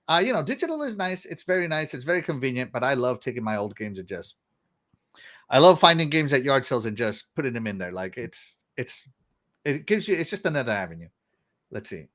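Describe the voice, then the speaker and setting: A middle-aged Texan hosts a casual gaming podcast, rambling and laughing while reading viewer comments aloud. His voice is a little high, sing-song, a little fast, and fairly bright.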